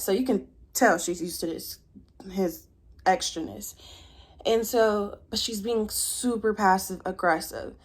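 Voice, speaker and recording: Woman commentator, mid-pitched, animated and opinionated, casual delivery. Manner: animated, opinionated, rapid asides. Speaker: film commentator.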